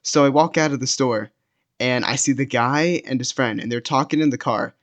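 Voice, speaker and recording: A man's voice: medium pitch, moderate pace. A young man telling a story casually, rambling, with lots of fillers and restarts. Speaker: storytime vlogger.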